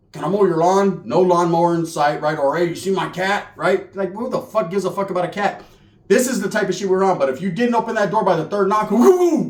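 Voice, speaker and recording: A man telling a rowdy, profane story in a casual, animated way, tagging his lines with "right?". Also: sits high. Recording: echoey room.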